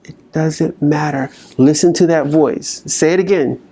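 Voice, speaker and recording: A man speaking as a motivational speaker, slowly coaching listeners through a guided exercise. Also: on the high side, dark tone, husky. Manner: slow, coaching delivery with long pauses.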